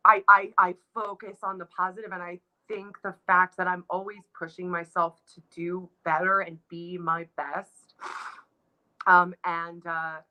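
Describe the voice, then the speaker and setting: A woman's voice: lowish voice, bright, forceful tone, poor audio. A woman in her thirties, a dancer, talking casually and reflectively in an interview, with many restarts and fillers. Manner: reflective, gets emotional, many restarts and likes. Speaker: guest, Broadway dancer.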